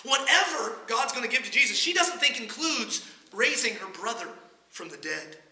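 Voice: mid-range voice, lively intonation, moderate pace, pushed and bright, reverberant. A preacher delivering an expository sermon in a conversational teaching manner.

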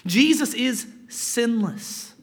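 A man's voice: extremely high pitch, lively intonation, drawn-out words. A male pastor preaching a sermon, reading scripture aloud and explaining it, sometimes dropping to a whisper for emphasis.

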